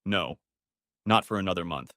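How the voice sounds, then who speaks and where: A man's voice: sits low, animated, normal speed, fairly bright tone, no room sound. A disappointed, stern mother, as a male narrator puts her on in an audiobook. She answers in short, clipped replies. The voice is close and dry. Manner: stern, curt.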